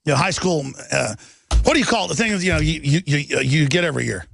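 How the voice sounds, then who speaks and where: A man hosting a radio show, telling a rambling story on air, excitable and prone to shouting. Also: a little high, quick pace, a little hiss or hum. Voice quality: gravelly. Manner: excitable, bursts into shouts, then sheepish.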